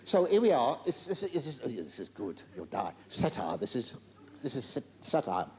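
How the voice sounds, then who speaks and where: This comedian's voice sits in the mid range, sing-song, a little mellow and slightly fast. Working a big theatre crowd live, he teases and chats with them, stumbling through flustered asides and denials of mock indignation. Laughter from the audience and some hiss run through the recording.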